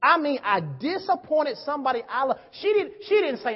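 A man preaching a sermon, telling a story and calling out to the congregation, swinging between hushed and loud. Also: very high-pitched, expressive, normal speed, hardly any pauses. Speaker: pastor. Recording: dull sound with long hall reverb.

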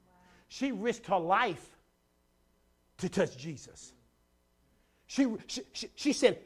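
A pastor delivering a sermon with a mid-range voice, speaking casually and with emphasis. Key lines are repeated for effect, with stammered restarts along the way. The delivery climbs from hushed asides to loud, driving stretches. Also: mid-range voice. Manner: builds from quiet to loud passages.

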